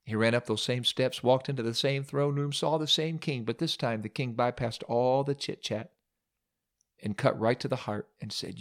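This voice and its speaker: A man's voice: medium pitch, normal speed. A man preaching a sermon, retelling a story dramatically with humorous asides.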